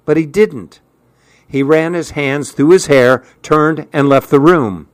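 Slow-reading male storyteller. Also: fairly high pitch, no echo. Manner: unhurried, even first-person storytelling. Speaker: narrator.

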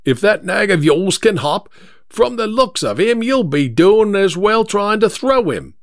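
A man's voice: sits high, very animated, a little slow, no room sound, studio quality, voice pushed up, heavily acted. A man doing a cheeky, mocking cabby. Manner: mocking, sarcastic. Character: cheeky rival male cab driver.

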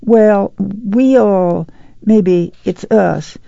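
A meek, ashamed mother pleads in a thin, whining voice pitched well up, as an audiobook reader puts her on. The sound is gravelly, dark and dry, from a dull lo-fi recording. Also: very slow, no echo. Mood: pleading.

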